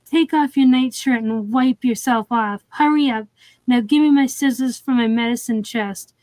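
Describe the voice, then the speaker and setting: A woman's voice: fairly high pitch, normal speed, darkish tone, no room sound, natural voice. A woman reading out the lines of a cruel old grandmother scolding a boy, in a harsh and commanding way.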